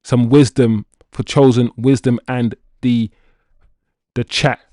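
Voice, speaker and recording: A man's voice: mid-range voice, slow, dry recording, studio quality. A man hosting a football livestream, chatting casually and playfully with his viewers and reading their comments aloud. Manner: animated, playful, addresses chat directly. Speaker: football channel host reading chat.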